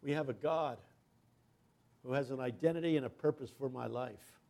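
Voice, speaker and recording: An older man preaching a guest sermon, telling stories with humor and building to loud, impassioned climaxes. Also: medium pitch, moderate pace, vocal fry.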